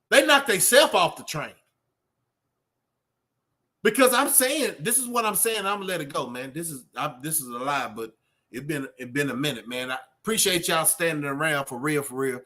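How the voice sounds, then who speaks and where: A middle-aged man talks off the cuff like a street preacher, rambling and circling back with fillers. His voice sits high for a man and rings bright and forceful. It sounds like a host talking straight to his viewers. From Texas. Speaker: channel host. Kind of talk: off-the-cuff motivational talk.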